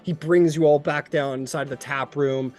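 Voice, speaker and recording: A man's voice: fairly high pitch, steady tone, moderate pace, darkish tone. A man narrating a tabletop game as its game master, talking in a casual, chatty way full of fillers.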